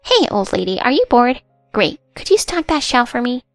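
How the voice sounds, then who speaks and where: An entitled young coworker, rude and sneering, read by a woman narrator. Her voice is gravelly and close, with faint music behind. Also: on the high side, sing-song, normal speed, dry recording, voice pushed up. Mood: mocking.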